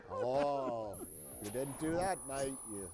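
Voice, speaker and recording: A man voicing a boastful Australian bloke who brags about his big truck, in a mock Australian accent and a loud, drawling manner. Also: mid-range voice, lively intonation, slow, background noise.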